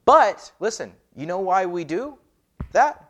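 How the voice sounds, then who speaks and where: Man, pastor, casual sermon, rhetorical questions, mid pitch. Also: animated, moderate pace. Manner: conversational, rhetorical questions, frequent restarts. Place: church.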